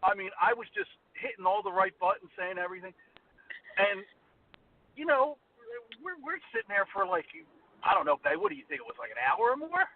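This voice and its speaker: A man calling in to a radio show, telling a long story in a loose, animated way, laughing and acting out the other people in it. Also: high voice, fairly quick. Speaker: caller. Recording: tinny phone line from far off.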